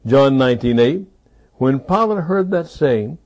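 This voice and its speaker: Slow, highly expressive male preacher. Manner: dramatic, repetitive emphasis. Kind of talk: sermon.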